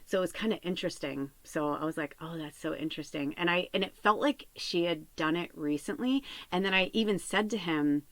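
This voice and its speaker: A woman in her fifties, a spiritual medium who podcasts, tells a long personal story, rambling, tired and emotional. Her fairly low, slightly bright voice runs a little fast with hardly any pauses and no room sound, as she restarts sentences and leans on "like."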